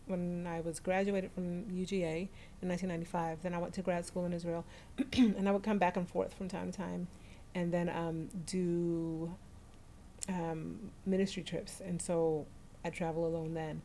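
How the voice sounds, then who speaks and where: A woman's voice: lowish voice, flat delivery, normal speed, mellow, a little hiss or hum. A woman in her forties from New York hosts a casual livestream from her phone at home, chatting, laughing often and greeting viewers by name. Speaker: livestream host.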